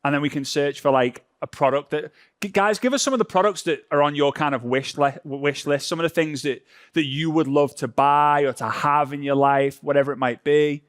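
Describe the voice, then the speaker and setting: Male workshop co-host from Europe, chatty and loose, fairly high voice, dry close sound. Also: a little fast, no room sound. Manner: chatty, loose, with many restarts. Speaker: workshop co-presenter. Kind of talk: live workshop demonstration.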